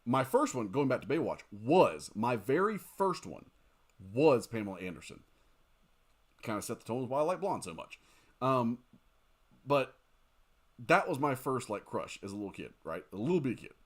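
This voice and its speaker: A man's voice: medium pitch, moderate pace, long pauses. A man streaming a mobile game, chatting casually with his viewers and using lots of fillers like "dude" and "um". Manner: chatty and animated, talking to chat with fillers like "dude" and "um". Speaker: gaming streamer. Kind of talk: casual livestream chat while gaming.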